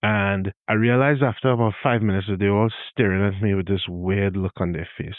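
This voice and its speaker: A man with a Trinidadian accent hosts a podcast lesson. He talks in a good-humored, easy way and slows down to show how words sound. His voice sits on the low side. The recording is dry and tinny, like a phone line. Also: steady tone, dry recording. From Trinidad and Tobago. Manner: good-humored, spells out sounds slowly to demonstrate. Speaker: podcast host. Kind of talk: explanatory monologue, tutorial.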